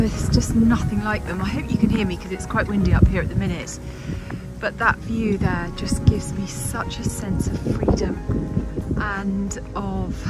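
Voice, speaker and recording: An Englishwoman muses aloud to the camera while out walking in the windy countryside, taking her time over her words. Music plays clearly under her voice throughout, and her pitch sits in an ordinary middle range. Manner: unhurried, musing, talking to camera. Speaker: vlogger. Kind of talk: casual walking vlog. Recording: vlog voice with clear background music.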